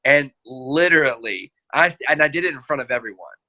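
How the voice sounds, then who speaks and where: A man chatting on a podcast, telling animated stories, acting out quotes and laughing often. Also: mid-range voice, brisk. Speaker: podcast host; marriage counselor. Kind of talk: casual podcast chat.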